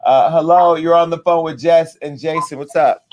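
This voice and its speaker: A man with a slightly higher voice hosts a casual call-in show. He jokes loosely with his co-host and keeps the callers moving. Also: steady tone, normal speed, darkish tone. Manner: loose, joking, directs callers.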